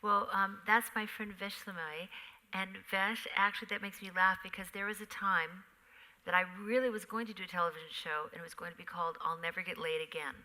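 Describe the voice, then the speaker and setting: Bright-voiced middle-aged woman telling stories. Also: medium pitch, a little fast, rough recording. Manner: animated storyteller who acts out sounds. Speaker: memoir author guest on stage. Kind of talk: live on-stage conversation. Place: theater stage before a live audience.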